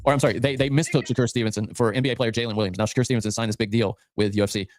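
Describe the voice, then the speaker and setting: A man's voice: medium pitch, fairly even intonation, rapid-fire, a little mellow, faint music behind. A man hosting a podcast in casual chat, rambling as he retells news stories and restarting his sentences often. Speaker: podcast host.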